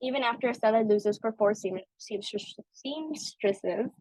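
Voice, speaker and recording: A woman's voice: a little high, unhurried, a little mellow, no echo, poor audio. A young adult woman hosting a podcast, talking through a film in a casual, chatty way with lots of "like" and "you know". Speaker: podcast host.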